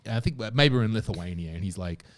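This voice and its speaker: A middle-aged Australian man hosting a podcast, telling casual stories with lively asides. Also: fairly low pitch, fast. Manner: animated anecdotal storytelling. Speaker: podcast host. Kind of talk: casual chat.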